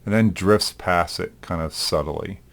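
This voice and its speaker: A male instructor with a deep, low voice walks through a software demo in a recorded lecture. He thinks aloud in an easygoing way. He often pauses on "um" as he works. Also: gravelly. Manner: thinks aloud, relaxed, with frequent ums. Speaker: animation instructor.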